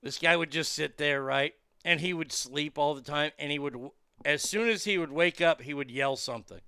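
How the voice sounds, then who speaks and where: A man telling a profane, animated story in casual chat, with lots of fillers and restarts. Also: fairly high pitch, normal speed, clean tone, no room sound, clean studio sound. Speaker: comedian and podcast guest.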